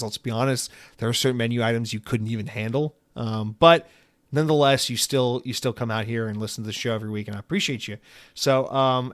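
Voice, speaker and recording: A man's voice: mid-range voice, no room sound. A man hosting a solo podcast, reading listener mail in a rambling, profane, self-deprecating chat.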